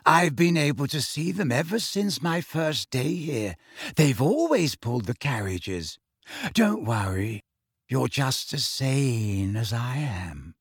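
A man voicing a dreamy, serene teenage girl who speaks softly and unhurriedly in a storybook reading. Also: medium pitch, sing-song, takes it slowly, husky, no echo, clean studio sound, heavily acted. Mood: dreamy calm.

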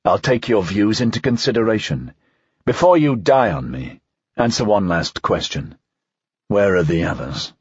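Male narrator voicing a steady investigator in an audiobook, measured and probing, low husky voice. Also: dry recording, lo-fi sound, heavily acted. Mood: cool. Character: calm, dogged male investigator. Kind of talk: audiobook character voice.

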